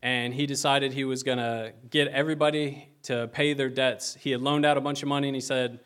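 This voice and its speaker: A young man preaches in a relaxed, conversational way, with plenty of fillers and some self-deprecating asides. His voice sits at a middle pitch and sounds unpolished but sincere. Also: brisk, clear, resonant tone. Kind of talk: casual sermon.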